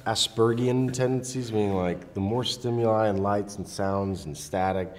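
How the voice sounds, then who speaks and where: A man's voice: fairly low pitch, moderate pace, darkish tone, long reverb tail. A male actor being interviewed, laid-back and candid, swearing casually as he talks. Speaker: actor guest.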